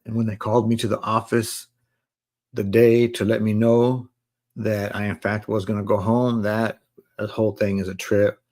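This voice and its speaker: A man in his forties casually telling listeners his life story on a live stream, in relaxed slang. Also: fairly low pitch, moderate pace. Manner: relaxed street slang, addresses listeners as bro. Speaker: live stream host sharing his testimony.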